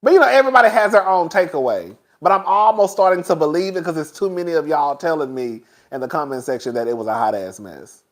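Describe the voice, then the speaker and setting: A man hosting a casual talk stream, animated and sassy, laughing often as he chats. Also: a little high, fast, hardly any pauses. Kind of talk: casual commentary chat.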